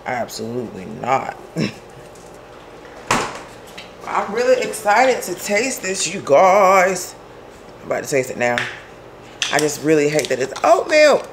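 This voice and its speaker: A woman vlogging casually from her kitchen at home, her voice hoarse and raspy from a sore throat, chatting straight to her viewers and laughing often. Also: deep voice, wildly swooping pitch, normal speed, background noise. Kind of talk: casual vlog chat.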